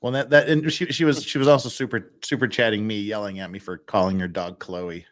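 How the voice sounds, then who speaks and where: A man's voice: fairly low pitch, a little fast. A man hosting a casual chat, amused and laughing as he reacts to courtroom footage. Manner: amused, animated, laughs often. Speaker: host.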